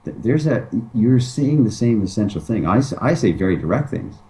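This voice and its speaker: Low mellow guy on a podcast, talks dating stuff, acts out lines he'd say to girls. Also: normal speed, low-quality recording. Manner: emphatic, plays out pickup lines in a lively voice. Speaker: dating advice guest. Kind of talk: casual interview talk.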